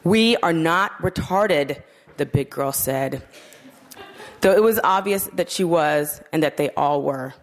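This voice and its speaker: A woman narrating a literary short story in a measured, steady audiobook reading. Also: sits low.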